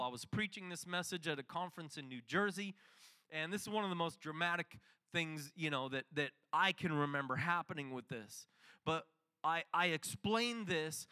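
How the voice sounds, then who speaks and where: A man's voice: fairly high pitch, bright, forceful tone. A middle-aged man preaching a sermon, telling a story and acting out the dialogue.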